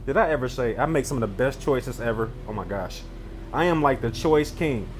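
Animated man joking over gameplay. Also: mid-range voice, fairly quick, slight background noise. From Detroit, USA. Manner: animated, joking, loud banter at the screen. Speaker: gaming video host. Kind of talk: gameplay commentary.

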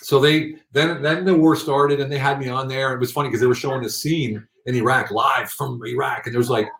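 A middle-aged man telling his story at home in a casual, animated way, often laughing and acting out other people's voices. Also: medium pitch. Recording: echoey room.

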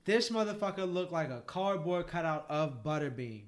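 An animated man tells a long story on a casual podcast, his voice sitting a bit high. He swears freely and laughs through the telling. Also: moderate pace. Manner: animated, profane storyteller, voice jumps high when excited. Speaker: podcast co-host.

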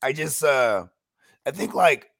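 A man's voice: fairly high pitch, animated, takes it slowly, creaky, fairly bright tone, no room sound, clean studio sound. A man co-hosting a podcast, chatting in a laid-back, slangy way. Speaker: podcast co-host. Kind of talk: casual chat.

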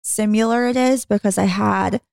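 A woman in her thirties co-hosting a podcast, telling her own story in a reflective, unhurried way with frequent pauses. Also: mid-range voice, fairly even intonation, vocal fry, darkish tone, clear, resonant tone, no echo, clean studio sound. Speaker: podcast co-host. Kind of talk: candid personal testimony.

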